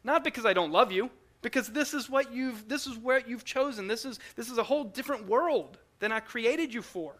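A man voicing God as a gentle, patient creator, speaking earnestly in a sermon. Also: very high-pitched, a little fast, few pauses, voice pushed up. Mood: earnest pleading.

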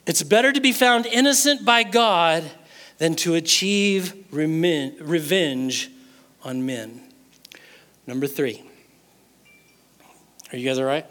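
A man preaching a sermon, retelling a Bible story in an animated way and acting out the characters' words. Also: a little high, slow, pauses often. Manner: animated storytelling, acts out the king's and Daniel's words. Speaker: pastor.

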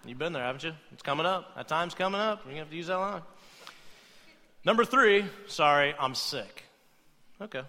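A man preaching a humorous sermon, playful and animated, acting out quoted voices as he goes. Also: fairly high pitch, brisk, pauses often, long reverb tail, a little hiss or hum. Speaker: pastor.

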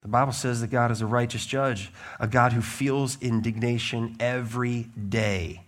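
A man preaching a sermon as a pastor, emphatic and blunt, with lively swings in his delivery. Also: mid-range voice, normal speed.

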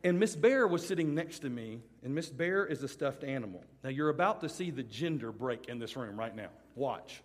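A middle-aged man preaching a sermon to students before a live audience. He tells a personal story with animated comic swings, then turns hushed and earnest. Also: medium pitch, moderate pace, few pauses. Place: large hall with a live audience. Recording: long hall reverb from a live venue.

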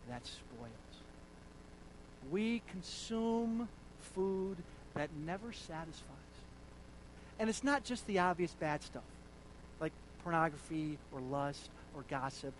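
A man with a fairly high voice preaches in an unhurried, deliberate way. He sinks to quiet, intimate phrases and then climbs into loud, emphatic declarations. A faint rumble hums in the background. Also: low-quality recording. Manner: swings from hushed lows to loud, emphatic declarations. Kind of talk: sermon.

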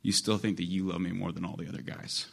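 Here Jesus, as a male preacher puts him on, questions a friend in a lowish, even man's voice. The questions come one after another, earnest and searching. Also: fast, creaky, full character voice. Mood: pressing. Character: Jesus, a calm man probing a friend.

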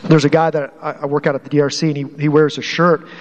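A man's voice: a little high, flat delivery, fast talker, big-room sound. A man preaching a sermon as pastor in a conversational way, often restarting and repeating phrases to drive a point home.

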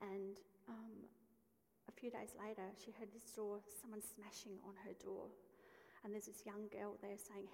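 A woman's voice: medium pitch, flat delivery, normal speed, creaky, a little mellow, big-room sound. A woman telling a story during a church service in a conversational way, with fillers and restarts. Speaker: church speaker. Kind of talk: storytelling sermon.

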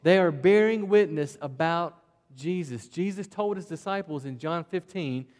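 A man's voice: a little high, moderate pace, darkish tone, long reverb tail. A male pastor with a Southwest Virginia country twang, preaching in a folksy, conversational way and often calling the listeners "man.". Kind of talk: sermon.

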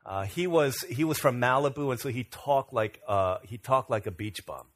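A man's voice: medium pitch, animated, normal speed, fairly bright tone. Man, middle-aged, pastor, sermon, chatty storytelling, self-mocking humor. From Virginia, USA. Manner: conversational, self-deprecating storyteller.

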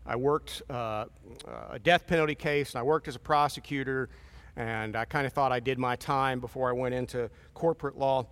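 A man's voice: mid-range voice, steady tone, normal speed, fairly bright tone, smooth. A man in his fifties preaching a sermon in a conversational, storytelling way with wry asides. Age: 50s.

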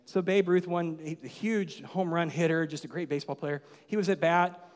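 A man delivering a sermon from a church stage with a slightly high voice. He moves between quiet, intimate asides and animated, emphatic storytelling. Long reverb from the sanctuary trails each phrase. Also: normal speed. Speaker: pastor.

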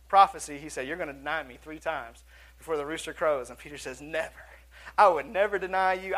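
A man's voice: on the high side, fairly bright tone. A male pastor preaching a sermon in a church auditorium, earnest and conversational, with asides and restarts.

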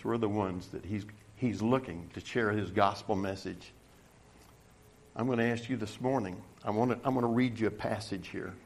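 A middle-aged man preaching a sermon to his congregation. He stumbles and restarts often, jokes at his own expense, and grows loud and emphatic when he reads from scripture. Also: fairly low pitch. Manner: halting, stumbling restarts, self-deprecating humor. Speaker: pastor.

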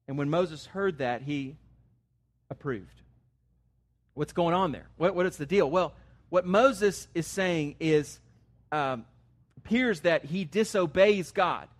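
A pastor delivers a sermon in a fairly high male voice. He talks earnestly and conversationally, with a few fillers, and pushes up in pitch and force when he stresses a key point. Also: lively intonation, a little slow. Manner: earnest preaching, rising emphatic on key words.

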